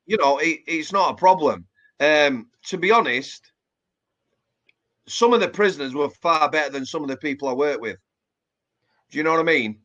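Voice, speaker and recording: A man's voice: fairly high pitch, expressive, normal speed, long pauses, a bit bright, highs cut off. A man with a Yorkshire accent, a former prison officer chatting plainly in an interview, full of fillers and restarts. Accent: Yorkshire English. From Yorkshire, England. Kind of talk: casual interview chat.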